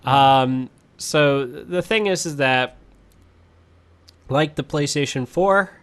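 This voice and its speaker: A man's voice: mid-range voice, slow pace, fairly bright tone, smooth. Sweary tired young man hosting. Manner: sweary, tired, yawning, easily distracted. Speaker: podcast co-host. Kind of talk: casual gaming podcast chat.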